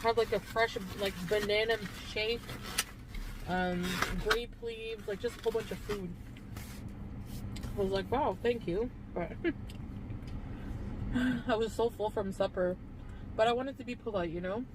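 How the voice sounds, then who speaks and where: A woman chats in a loose, rambling way for her vlog, stopping to laugh and filling gaps with "like" and "um." She is sitting in a car, and clear traffic and street noise runs behind her. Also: medium pitch, unhurried, pauses often. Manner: rambling, with many fillers and little laughs. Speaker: vlogger. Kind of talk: casual vlog chat. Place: in a parked car.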